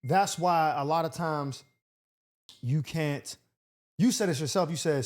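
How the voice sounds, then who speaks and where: Man with a slightly high voice, hosting a podcast. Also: a little slow, long pauses. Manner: loose, loud reactions, frequent fillers. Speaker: host. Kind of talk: casual podcast chat.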